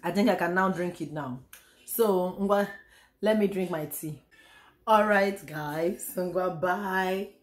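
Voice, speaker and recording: A hoarse Nigerian woman talks to her vlog camera in a low, worn voice. She rambles casually, repeating phrases and sighing between thoughts. Her strained voice sounds close to gone. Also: slow pace. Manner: chatty, repeats herself, sighs and trails off. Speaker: vlogger. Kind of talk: casual home vlog chat. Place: room at home.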